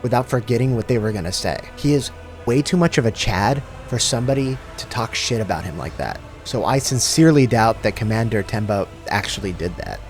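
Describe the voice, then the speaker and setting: A man's voice: lowish voice, expressive, fairly quick, soft background music. A man voicing a suspicious soldier who confides his doubts in a slangy way, for a comic recap. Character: suspicious, sharp male soldier ally.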